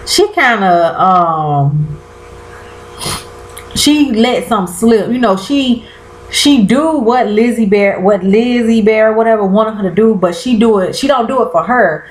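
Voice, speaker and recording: A woman's voice: mid-range voice, animated, measured pace. A woman casually recapping a TV episode, chatty and colloquial, talking straight to her viewers and often trailing off and restarting. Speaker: TV show recapper. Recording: roomy echo.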